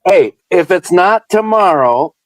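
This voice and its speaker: A man's voice: high-pitched, lively intonation, a little slow, dry recording, low-quality recording. A man from Wisconsin, blunt and defensive in casual comedy banter.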